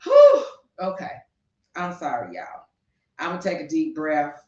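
A woman's voice: deep voice, moderate pace. A woman co-hosting a talk show, passionately ranting and firing rhetorical questions, speaking. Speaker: podcast co-host. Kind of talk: heated opinion talk. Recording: distant, echoey, dull lo-fi sound.

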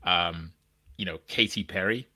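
A man with a low, bright-toned voice hosts a casual podcast chat. He rambles through questions, restarting sentences and checking in with "right?" as he goes. The sound is dry and close. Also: measured pace, no echo. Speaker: podcast host.

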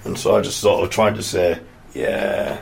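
A hoarse man with a Yorkshire accent who is losing his voice, telling a rambling story with self-mocking asides in a casual spoken diary. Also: on the low side, flat delivery, fairly quick, a little mellow. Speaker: podcast host.

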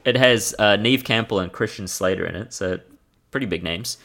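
A man co-hosting a podcast in casual comedic chat, with a dry, deadpan way of joking. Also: lowish voice, moderate pace, gravelly. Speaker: podcast co-host.

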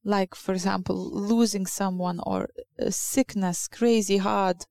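Female preacher, English. Unhurried delivery, some fry, earnest and halting sermon. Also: medium pitch, fairly even intonation, warm tone. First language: Lithuanian.

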